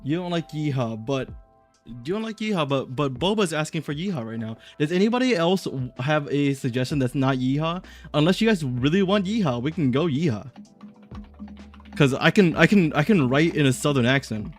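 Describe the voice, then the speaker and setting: Guy hosting a stream, kinda high voice, jokey and laughing a lot, bit of music behind. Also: expressive, normal speed. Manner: joking, laughs often. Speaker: stream host. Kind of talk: casual chat.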